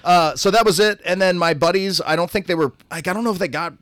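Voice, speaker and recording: A man's voice: sits high, quick pace, dry recording. A man telling a long casual story as a guest, acting out the voices of people in it. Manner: animated, acts out voices of people in his stories.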